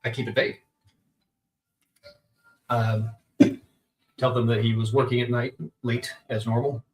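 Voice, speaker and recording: A man's voice: medium pitch, level tone, unhurried, low-quality recording. A man playing a tabletop role-playing game, giving short, dry replies, partly in character. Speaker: player.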